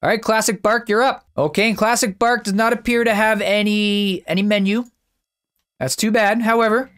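A man giving casual, excitable gameplay commentary as a YouTuber, chatty and thinking out loud. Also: high voice, normal speed, clean tone.

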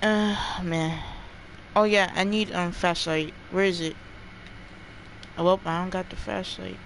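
A gaming streamer giving live commentary while playing, jumpy, often yelling and laughing and talking to the chat. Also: medium pitch, fairly even intonation, a little slow, slight background noise, poor audio.

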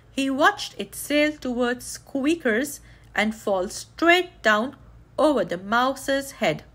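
Woman, storybook reader, high and bright, unhurried, very expressive. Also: breathy edge. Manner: lively, voices characters' lines with raised excitement. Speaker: children's book reader. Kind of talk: read-aloud storytelling.

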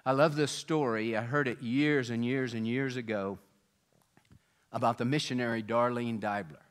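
A man's voice: steady tone, moderate pace. A man preaching a sermon, telling a story and acting out the people in it with a raised voice. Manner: storytelling, voicing quoted people with rising pitch and volume. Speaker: pastor.

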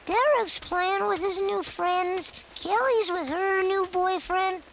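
Wide-eyed cartoon kid boy, super high and bouncy, bit of gravel. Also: slow pace, fairly bright tone, a little hiss or hum, full character voice. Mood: curious. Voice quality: whiny, wide-eyed, wondering. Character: curious imaginative little boy.

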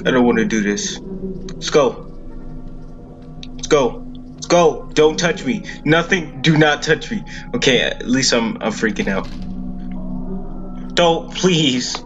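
A man's voice: medium pitch, animated, slow, pauses often, highs cut off, music in the background. A man giving casual let's-play commentary on a horror game, jittery and repeating himself over and over. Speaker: gaming video creator.

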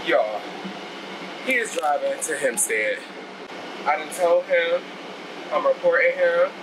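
A man, talking in a fairly high voice, rants and exclaims in sassy slang as he vlogs on the go. He holds his camera close in the street and on the train. Clear traffic and city noise runs under his voice. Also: takes it slowly. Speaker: vlogger. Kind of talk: casual vlog chat. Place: streets and a train around Long Island and the city. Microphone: handheld phone or camera. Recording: noisy outdoor phone recording.

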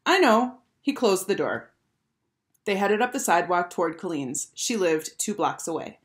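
A woman teacher reading a children's chapter book aloud with clear, expressive storytelling. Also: fairly low pitch, moderate pace.

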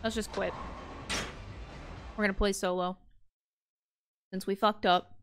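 A woman streaming a video game, chatting casually and excitably with her viewers and reacting out loud to the game. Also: mid-range voice, a little hiss or hum. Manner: excitable, talks fast to her chat, frequent exclamations. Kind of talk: casual gameplay commentary.

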